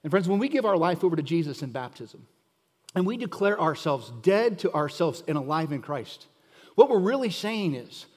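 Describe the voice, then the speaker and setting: Male pastor, middle-aged, high-pitched and emphatic, sermon recorded with long hall echo. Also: very animated, moderate pace, darkish tone. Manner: emphatic, questioning the listeners directly.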